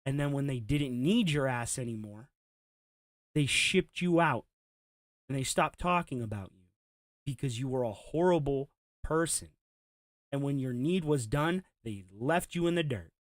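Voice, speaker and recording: Man, commentary host, blunt, mocking, profane, mid-pitched voice, dry sound. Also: lively intonation, a little slow, pauses often, no room sound. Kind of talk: reaction commentary.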